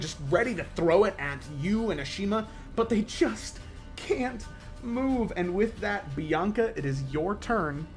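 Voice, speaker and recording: A man narrating a tabletop role-playing game as game master, with lively, stumbling storytelling full of fillers. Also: high-pitched.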